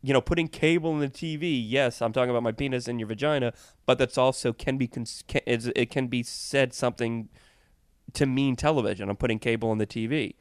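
A man's voice: mid-range voice, brisk, clean tone, dry recording, clean studio sound. A man co-hosting a casual comedy podcast, arguing playfully and explaining with analogies. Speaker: podcast co-host. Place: hotel room.

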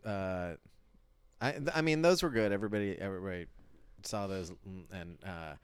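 Smooth, low-voiced, hesitant man. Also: dry recording. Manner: hesitant, halting. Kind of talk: casual chat.

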